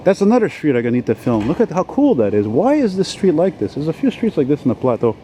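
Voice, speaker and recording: A man, dropping words now and then. He rambles and swears as he walks along a city street with a handheld camera. His voice is mellow and dark, with faint traffic behind him. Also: a little high, very animated, fast talker. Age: 40s. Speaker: vlogger. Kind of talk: rambling walk-and-talk vlog. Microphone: handheld camera while walking.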